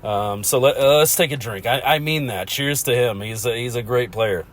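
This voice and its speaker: A man's voice: medium pitch, moderate pace. A man hosting a casual solo podcast, rambling about hockey and laughing at himself. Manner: rambling, chuckles often, self-mocking. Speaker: podcast host.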